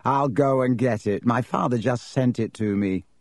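A man voicing an arrogant, sneering schoolboy with a slow drawl in a storybook reading. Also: mid-range voice, no echo, natural voice.

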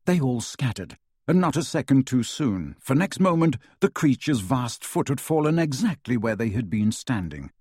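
Expressive male audiobook narrator, husky voice, dry close recording; lively storytelling delivery. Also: medium pitch, no echo. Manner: dramatic, varied pacing.

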